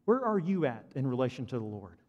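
A man preaching a sermon to a congregation, animated and asking the listeners questions. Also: mid-range voice, a little fast, dull audio. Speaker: pastor. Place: church hall. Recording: long hall reverb.

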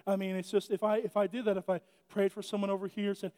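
A man's voice: high-pitched, steady tone, moderate pace, warm tone. A man preaching a casual sermon in a church, chatty and joking, often restarting his sentences. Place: church sanctuary. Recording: echoey church hall.

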